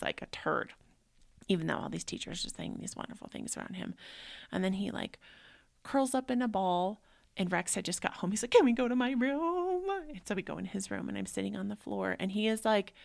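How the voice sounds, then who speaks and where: Thirtysomething woman host rambling through a story, lotsa "like", gravelly fry in her voice. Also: mid-range voice, normal speed, no room sound, clean studio sound. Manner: emotional, rambling, frequent "like" fillers. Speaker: yoga teacher and show host. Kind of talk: casual personal storytelling.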